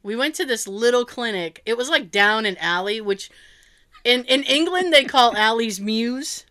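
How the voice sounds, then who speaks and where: Bright, animated woman storyteller. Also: on the high side, normal speed. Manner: animated, swears freely, laughs often. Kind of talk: casual storytelling chat.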